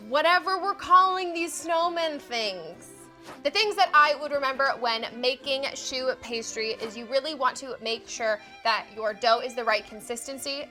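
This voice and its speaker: A woman's voice: sits high, pushed and bright. A woman hosting a cooking show, chatting playfully through a casual baking demonstration and filling her speech with fillers.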